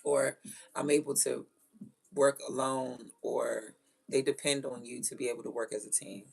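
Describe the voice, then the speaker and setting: A woman who is a mother, telling stories in a blunt, profane, animated way and laughing often. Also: rumbling low, normal speed, creaky, slightly rough. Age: adult with children. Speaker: vlogger. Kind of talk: casual storytelling rant.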